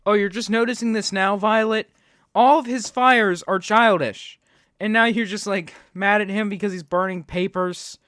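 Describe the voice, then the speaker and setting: A man's voice: sits high, fairly even intonation, moderate pace, a bit bright, smooth, dry recording, clean studio sound. A man hosting a reaction video, talking sarcastically and ranting at what he watches. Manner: sarcastic, ranting, mocks with put-on quotes. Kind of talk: reaction commentary.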